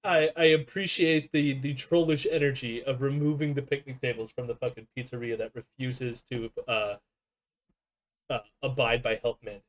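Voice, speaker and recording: A man's voice: mid-range voice, steady tone, normal speed. A man hosting a stream, reacting to a clip in casual commentary with a sardonic, swearing edge and frequent laughter. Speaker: streamer host.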